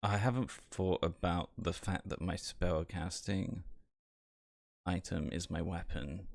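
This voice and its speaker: A man's voice: low voice, steady tone, slow pace, creaky, darkish tone, dry recording, studio quality. A man playing a tabletop game, who talks casually and hesitantly while he thinks aloud. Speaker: player.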